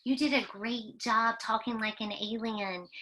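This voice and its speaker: Slow, bright-voiced woman teaching kids phonics. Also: fairly high pitch, steady tone, slight background noise. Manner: patient, sing-song, drawn-out teacher talk with emphatic repetition. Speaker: children's librarian teaching phonics. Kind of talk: children's phonics lesson.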